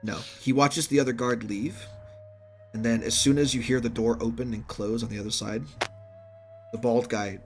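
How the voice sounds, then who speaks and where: A man narrating a tabletop game as game master, relaxed and full of fillers and small laughs. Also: medium pitch, moderate pace, soft background music.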